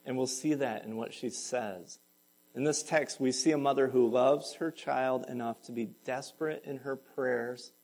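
A male pastor preaching a sermon to his congregation, moving from calm explanation to raised, impassioned pleading. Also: medium pitch, normal speed, vocal fry, rough recording.

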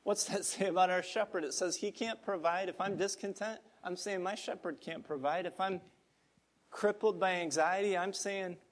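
A middle-aged man preaching a sermon, telling a story in an earnest, gently emphatic way. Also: high-pitched, fairly even intonation, normal speed. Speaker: pastor.

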